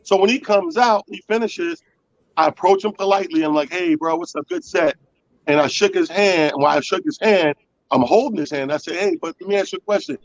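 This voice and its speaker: A man's voice: high voice, brisk, lo-fi sound. A man telling a comic story in casual talk, acting out the voices of the people in it. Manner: animated, acts out quoted voices. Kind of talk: comedic storytelling.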